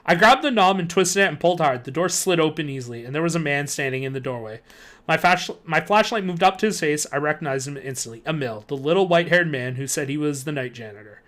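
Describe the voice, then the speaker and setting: A fast-talking man live-streams a reading of a spooky children's book, full of expression and happy to toss in a joke. For a man, his voice runs a touch high.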